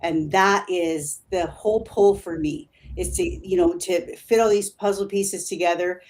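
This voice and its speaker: A woman's voice: lowish voice, fairly even intonation, unhurried, darkish tone. A woman guest, a paranormal investigator, talking in a rambling, eager way and often laughing as she explains her evidence. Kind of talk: casual chat on a live stream.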